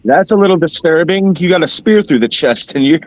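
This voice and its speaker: A man playing in a tabletop game, relaxed and joking, swearing now and then. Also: a little high, a little fast, no room sound. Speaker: player. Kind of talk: casual tabletop game chat.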